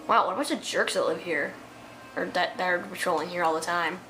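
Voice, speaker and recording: A woman's voice: on the low side, a little fast, sharp tone, a little hiss or hum. A young woman giving casual let's-play commentary, reading game text aloud with chatty asides and fillers.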